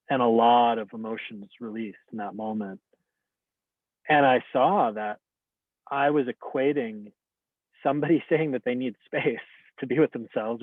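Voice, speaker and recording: A man who teaches meditation talks in an earnest, openly reflective way, often pausing on casual fillers. His voice sits at an ordinary middle pitch. It comes through a thin, tinny, phone-like line with a dry sound and no room echo. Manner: earnest, open, many "like" fillers. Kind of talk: reflective personal talk.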